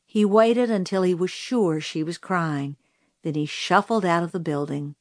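A woman reading a novel aloud in measured storytelling narration, lightly voicing the characters. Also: on the low side, a little mellow, no echo, studio quality. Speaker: audiobook narrator.

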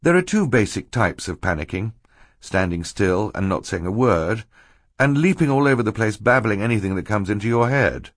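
A man's voice: lowish voice, expressive, normal speed, dry recording, studio quality. A man reading a story aloud in a wry, dryly ironic way. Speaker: audiobook narrator. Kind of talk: scripted narration.

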